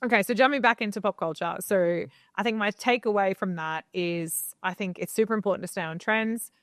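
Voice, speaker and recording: A woman's voice: mid-range voice, a little fast, no echo. A young woman co-hosting a casual podcast from a home studio, chatty and opinionated as she gives advice. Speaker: podcast co-host.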